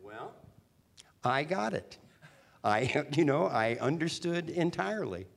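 A man in his sixties, a former teen singer and actor, telling animated anecdotes as an interview guest. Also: a little high, slow pace, gravelly. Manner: chatty, animated, with restarts. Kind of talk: storytelling interview talk.

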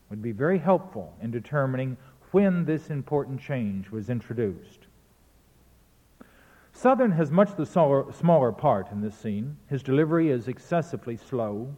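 A man's voice: medium pitch, warm tone, in a large hall, highs cut off. A man giving a spoken lecture in a precise, pedantic manner, often correcting himself mid-sentence. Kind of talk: spoken lecture on recordings and verse.

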